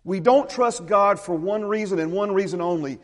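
High-voiced preacher in a ringing hall. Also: male voice, normal speed. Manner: emphatic preaching, repeats phrases, drops to a hush. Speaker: pastor. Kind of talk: sermon.

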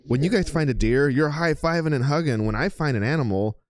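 A man co-hosting a podcast in casual chat, relaxed, with quick agreeing interjections. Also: on the high side, no room sound. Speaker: podcast co-host.

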